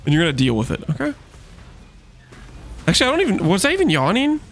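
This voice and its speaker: A man's voice: sits high, huge pitch swings, racing, soft background music. A man streaming a video game, chatting casually and rambling with lots of fillers while joking with his chat.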